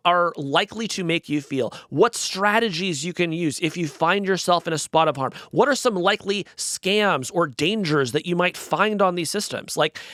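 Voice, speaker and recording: Male podcast co-host, fairly high voice, dry close studio sound, emphatic. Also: a bit bright, dry recording. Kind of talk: casual tech podcast chat.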